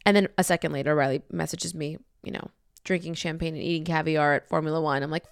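Smooth-voiced woman, candid podcast host. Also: on the low side, fast talker, fairly bright tone, no echo, clean studio sound. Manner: rambling, candid, swears freely. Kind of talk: casual chat.

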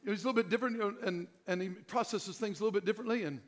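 A middle-aged man pastor preaching a sermon in an animated, joking way. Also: high-pitched, racing.

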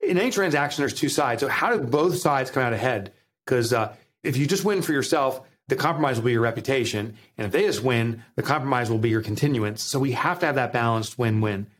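A man with a New Jersey accent, a guest author on a podcast, telling stories with animated, acted-out quotes. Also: medium pitch, brisk. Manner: animated storytelling, acts out quotes. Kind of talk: podcast interview.

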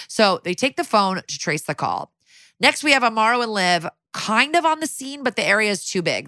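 A woman co-hosting a podcast, casually recapping a TV crime episode and quoting the characters in quick put-on voices. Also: lowish voice, pushed and bright, dry recording. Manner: chatty, quotes characters in little voices. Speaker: podcast co-host.

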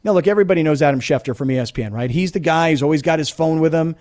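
A man hosting sports talk radio, telling stories in an animated, chatty way. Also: fairly high pitch, rapid-fire. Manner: animated, storytelling, mock voices.

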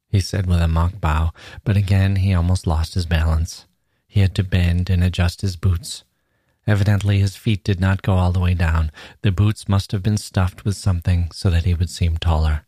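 A man hosting a podcast, reading a short story aloud in a measured, steady way. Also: low voice, slightly rough, no echo, clean studio sound. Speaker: podcast host.

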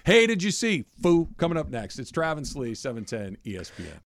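A man hosting a sports radio show, chatty and jokey with quick asides. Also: a little high, very animated, dry recording. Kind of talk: casual radio talk. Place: radio studio. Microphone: studio microphone.

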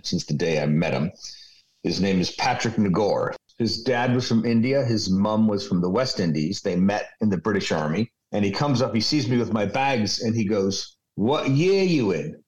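Veteran radio man, 60s, lowish voice; loose, profane storyteller on a video call. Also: normal speed, low-quality recording. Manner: rambling, profane anecdotes. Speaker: radio program director guest. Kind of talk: storytelling interview.

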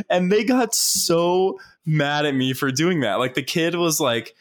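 A young man telling a long story in casual chat, full of "like" fillers, laughing often and jumping up in pitch to mimic people. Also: slow pace. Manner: animated, mimics others in higher voice.

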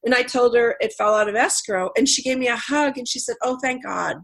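A middle-aged woman hosts a radio talk show while nursing a slight cold. She tells stories in a chatty way and laughs often. Her voice sits a little higher than most women's. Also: fairly even intonation, quick pace, fairly bright tone. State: has a cold. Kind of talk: casual interview chat.

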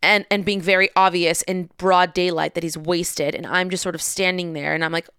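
A young woman telling a story in a lively, casual way, acting out the people in it and swearing freely. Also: fairly low pitch, moderate pace, smooth, no room sound, studio quality. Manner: animated, acts out voices, swears freely.

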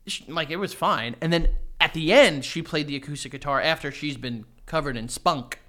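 A young man co-hosting a podcast in casual chat, animated and jokey, with lots of fillers. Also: fairly high pitch, normal speed. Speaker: podcast co-host.

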